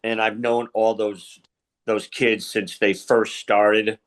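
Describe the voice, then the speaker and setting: He speaks slowly in a lowish, slightly bright voice with little pitch movement. A middle-aged wrestling referee guesting on a podcast, he tells rambling stories in a casual interview, leaning on fillers and retold conversations.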